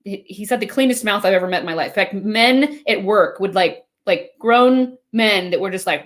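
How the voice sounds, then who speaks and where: A woman hosting a live faith devotional stream with her husband, talking in an animated way and laughing often. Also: mid-range voice, a little fast, hardly any pauses. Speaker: host. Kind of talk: casual devotional chat. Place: live video stream at home.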